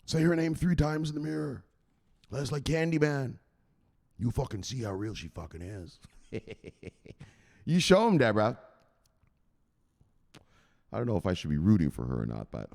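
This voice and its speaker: A man hosting a casual livestream, giving loose, profane shoutouts to viewers with laughs along the way. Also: mid-range voice, sing-song, moderate pace, vocal fry, pauses often, big-room sound. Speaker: host.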